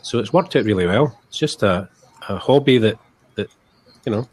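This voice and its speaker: Male guest, lowish voice, relaxed and modest, on a video call from home. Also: moderate pace. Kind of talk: casual interview chat. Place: flat at home.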